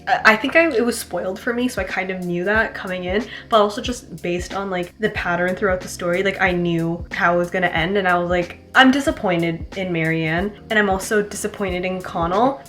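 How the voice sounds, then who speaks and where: A young woman talking casually in a vlog about a book she is reading, chatty and filling her talk with "like", moving between flat asides and exasperated outbursts. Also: medium pitch. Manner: chatty, says "like" constantly, swings from deadpan to exasperated. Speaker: book vlogger.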